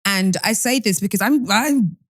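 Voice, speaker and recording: A woman's voice: mid-range voice, normal speed, no echo, studio quality. A young woman, co-hosting a podcast in candid, rambling casual chat. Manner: rambling, candid, restarts often. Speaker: podcast co-host.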